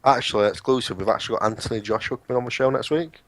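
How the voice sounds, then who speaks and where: A man's voice: mid-range voice, steady tone, racing, a bit bright, no echo. An eighteen-year-old man co-hosting a casual podcast, swearing and joking as he rants about call-centre work. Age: young adult. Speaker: podcast co-host. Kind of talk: casual chat.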